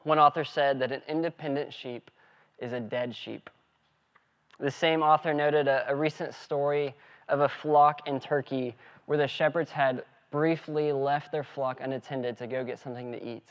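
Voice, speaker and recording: A man preaching a sermon in a mid-range voice, earnest and steady as he walks through the text. The recording is a little muffled, with a dull edge to the sound. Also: mid-range voice, normal speed. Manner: earnest preaching with spoken prayer. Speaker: pastor.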